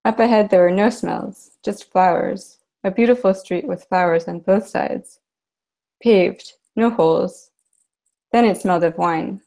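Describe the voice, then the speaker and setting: A woman translator reading her translated fiction aloud in an even, measured way. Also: medium pitch, vocal fry. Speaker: literary translator. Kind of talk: literary reading.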